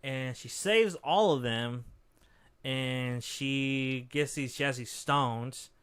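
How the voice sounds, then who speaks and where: A man recapping a horror film on a podcast, talking loosely and swearing often. His voice is forceful and crisp. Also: medium pitch, slow pace. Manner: profane, loose storytelling with many fillers. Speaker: podcast co-host. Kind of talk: casual horror movie recap.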